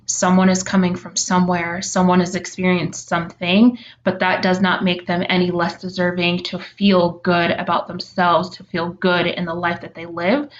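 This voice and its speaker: A young woman telling her story as a podcast guest, earnest and reflective, with frequent ums. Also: on the low side. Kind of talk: heartfelt interview storytelling. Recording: slightly dull lo-fi audio.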